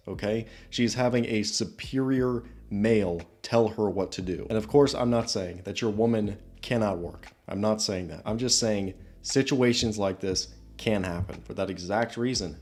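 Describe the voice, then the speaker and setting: Blunt low-voiced commentary host. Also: male voice, a little mellow. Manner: blunt, emphatic, casual. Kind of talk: reaction commentary.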